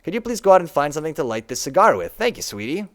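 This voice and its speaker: A man's voice: fairly high pitch, big pitch swings, rapid-fire. A man voicing a laid-back, chatty male bird who smokes a cigar and calls everyone mate, reading game dialogue aloud. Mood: chummy.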